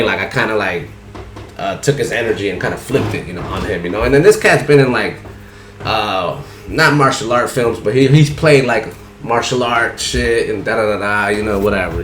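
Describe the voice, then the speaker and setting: A man's voice: lowish voice, fairly bright tone, slight background noise. A man casually telling a rambling, profane story in heavy slang, often saying "you know what I'm saying". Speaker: barber telling a story on a podcast.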